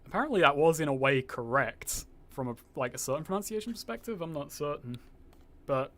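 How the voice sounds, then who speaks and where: A man's voice: on the high side, expressive, brisk, fairly bright tone. A young man streaming a game, chatting casually with viewers, rambling, swearing freely and reading chat aloud, with a slightly posh-sounding voice. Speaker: gaming streamer.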